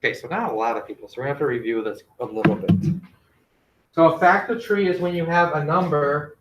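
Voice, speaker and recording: A male teacher giving a classroom math lesson, gently directing students and quizzing them with questions. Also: a little high, quick pace, very noisy. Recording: echoey classroom.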